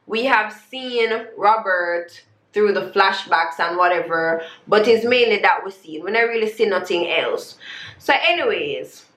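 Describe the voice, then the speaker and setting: A woman's voice: mid-range voice, bright, forceful tone. A woman, telling a story in a casual, sarcastic way with creole grammar, like a vlogger reviewing a show. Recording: echoey room.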